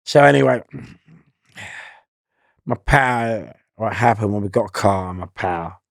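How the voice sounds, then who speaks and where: A man tells a story in loose, casual chat, close to the mic in a dry space. He breaks into loud laughs at his own tale. His voice sits at an ordinary pitch with a rough edge. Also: measured pace, no room sound. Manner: gravelly, laughs loudly at own stories. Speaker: guest storyteller. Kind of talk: casual anecdote.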